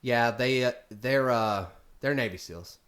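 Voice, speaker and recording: A man voicing his quiet male Southern buddy, an ex-Marine, in a low, halting voice. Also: natural voice. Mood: quiet, matter-of-fact.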